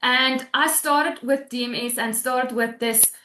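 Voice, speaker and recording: Woman, high voice, tearful heartfelt testimonial, video call from an echoey room. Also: steady tone, measured pace, pushed and bright, slight background noise. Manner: heartfelt, close to tears, with restarts. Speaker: guest sharing a testimonial. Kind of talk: emotional personal testimonial on a webinar.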